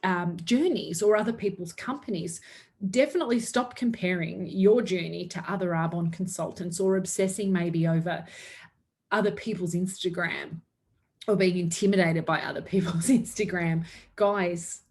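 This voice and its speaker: A woman's voice: fairly low pitch, normal speed, darkish tone. A woman giving an earnest motivational talk to her sales team, upbeat and laughing often. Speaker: network marketing team leader.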